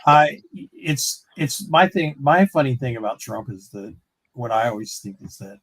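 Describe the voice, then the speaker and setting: A man's voice: medium pitch, lively intonation, a little slow, fairly bright tone, slightly rough, dry recording. A man chiming in with wry remarks during a casual roundtable chat.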